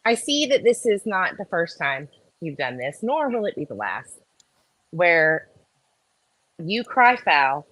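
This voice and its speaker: Woman, accountant guest, lowish voice, dry close sound, rambling explainer. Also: a bit bright, no room sound, low-quality recording.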